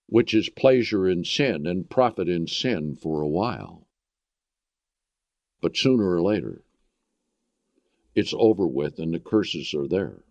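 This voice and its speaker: A man's voice: fairly low pitch, big pitch swings, unhurried, dry recording. A man preaching a sermon, emphatic and full of rhetorical questions. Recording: dull lo-fi recording.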